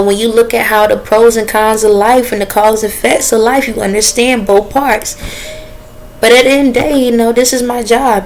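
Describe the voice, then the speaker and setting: A woman talking straight to her viewers in a casual, earnest and preachy way, with relaxed dialect grammar. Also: on the high side, a little hiss or hum, low-quality recording. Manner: dialect grammar, drawn-out phrasing. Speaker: vlogger. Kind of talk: casual direct-to-camera talk.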